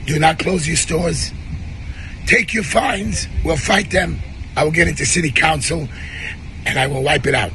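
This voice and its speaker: Hoarse fiery man shouting slogans. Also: fairly high pitch, a little slow, a little hiss or hum. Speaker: activist addressing his community. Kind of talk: rallying video speech.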